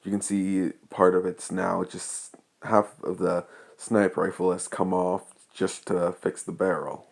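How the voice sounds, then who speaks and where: A man's voice: low-pitched, flat delivery, measured pace, gravelly. A man improvising a fan story as narrator, rambling with many restarts.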